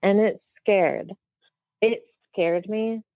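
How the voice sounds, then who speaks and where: A woman's voice: mid-range voice, steady tone, very slow, dry recording. A woman guest telling a story in a casual interview, rambling and chatty with lots of fillers, heard over a remote call. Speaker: guest medium. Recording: dry, thin phone-like audio.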